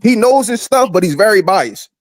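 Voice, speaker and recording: A man arguing his side in a heated sports debate, animated and repeating phrases for emphasis. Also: sits high, normal speed, no echo. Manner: animated, argumentative, repeats himself. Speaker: debate panelist.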